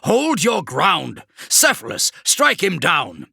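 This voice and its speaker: A man voicing an arrogant male warlord who barks orders in a loud, strained voice. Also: a little high, huge pitch swings, slow, gravelly, slightly rough, no echo, clean studio sound, voice pushed up, heavily acted. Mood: shouting orders.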